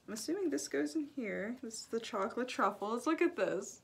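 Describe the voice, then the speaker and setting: A young woman chatting casually as she opens fan mail, gushing and excited, with lots of "like"s and happy exclamations. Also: on the high side, moderate pace, vocal fry, a little hiss or hum. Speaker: YouTuber opening fan mail. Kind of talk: casual chat. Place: indoor studio. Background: paper crinkling and clicks.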